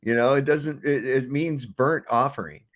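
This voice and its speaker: A man's voice: mid-range voice, moderate pace. A man hosting a livestream, reacting to clips with profane, sarcastic commentary and rants. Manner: sarcastic, ranting. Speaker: livestream host.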